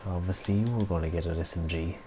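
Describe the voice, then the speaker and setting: A man's voice: deep voice, fast talker, background noise. A man live-streaming a farming game, joking and bantering with his chat. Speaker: gaming streamer.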